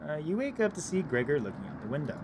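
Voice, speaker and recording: A man playing a horror game, reading the on-screen text aloud in a low murmur and reacting with loud, startled outbursts. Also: big pitch swings, fast talker, a little hiss or hum. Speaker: gaming video creator. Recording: loud game music under the voice.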